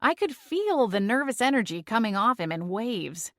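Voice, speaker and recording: A woman narrating a first-person audiobook in an even, measured storytelling voice. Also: a little high, no echo, clean studio sound.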